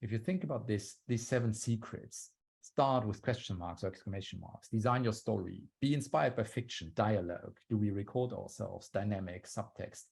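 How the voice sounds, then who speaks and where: A man's voice: on the low side, moderate pace, creaky, a little mellow, slightly rough. A man giving a talk on storytelling over a video call, explaining step by step and acting out quoted lines. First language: German. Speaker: guest speaker on storytelling.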